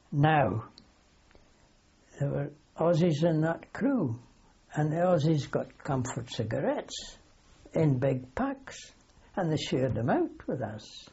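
A man's voice: a little high, big pitch swings, slow, vocal fry, mellow, breathy edge, dull audio. An older man, a wartime aircrew veteran, telling a long anecdote in an oral history interview. He rambles, corrects himself as he goes and keeps a dry humour.

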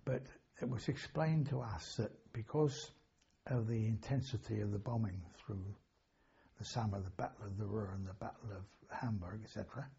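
An older man with a deep, gravelly voice that is very husky and mellow. He tells his story in a rambling, anecdotal way and corrects himself now and then. The recording sounds dull and lo-fi. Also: fairly even intonation, moderate pace. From England. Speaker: interviewee, war veteran. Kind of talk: oral history recollection.

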